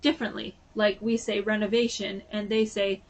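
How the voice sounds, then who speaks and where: A woman's voice: medium pitch, little pitch movement, normal speed. A woman vlogger chatting casually and sounding a bit sleepy, rambling with lots of fillers. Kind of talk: casual chat.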